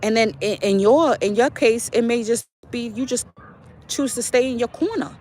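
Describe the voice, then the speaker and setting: A woman's voice: fairly high pitch, moderate pace, darkish tone, a little hiss or hum. A young adult woman, a spiritual vlogger, telling a story in a casual monologue with lots of fillers and preachy asides while out on a walk.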